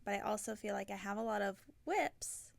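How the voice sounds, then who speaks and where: A tired woman hosting a knitting podcast, chatting casually and rambling, with soft half-whispered asides. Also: mid-range voice, a little fast, vocal fry, no echo. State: tired and yawning. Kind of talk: casual chat. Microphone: self-filmed camera.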